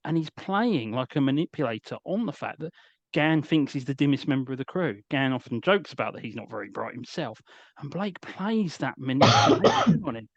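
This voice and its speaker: A man hosts a podcast interview, asking his questions in a relaxed, conversational way. His voice sits at a middle pitch. It is recorded dry and close, with a slightly dull lo-fi tone. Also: fairly quick, no echo. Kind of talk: casual chat.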